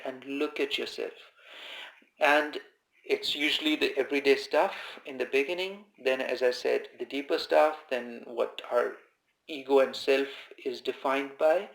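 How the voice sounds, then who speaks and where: Gravelly-voiced man teaching meditation. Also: mid-range voice. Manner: calm, repeats key phrases, conversational asides. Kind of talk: informal spoken meditation instruction. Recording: echoey room.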